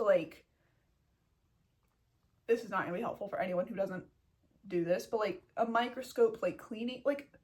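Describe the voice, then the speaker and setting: A young woman telling a story as a vet student in a casual vlog, blunt, self-mocking and full of swearing. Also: a little high. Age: young adult.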